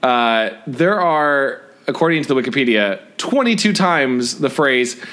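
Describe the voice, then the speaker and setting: A man co-hosting a podcast in casual chat, excitable and rambling with many restarts. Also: medium pitch, measured pace. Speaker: podcast co-host.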